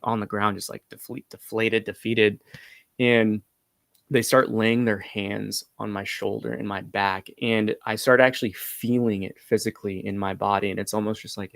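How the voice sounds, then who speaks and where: A man earnestly recounting a personal breathwork experience, halting and full of fillers. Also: on the low side, creaky, dry recording. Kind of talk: personal storytelling.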